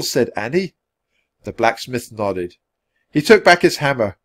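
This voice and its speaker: Read-aloud narrator: man, mid pitch, animated delivery, clear for learners. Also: measured pace. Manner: clear, expressive storytelling. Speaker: storybook reader.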